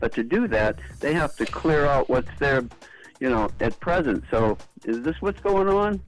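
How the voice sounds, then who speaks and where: A man's voice: mid-range voice, lively intonation, normal speed, faint music behind, low-quality recording. A man calling in to a radio show, musing in a suspicious way. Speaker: radio caller. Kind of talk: call-in question.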